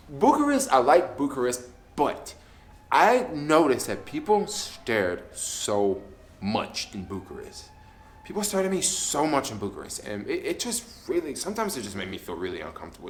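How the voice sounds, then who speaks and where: Young man, low voice, casual storytime vlog, filler-heavy rambling, roomy echo. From United States. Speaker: travel vlogger.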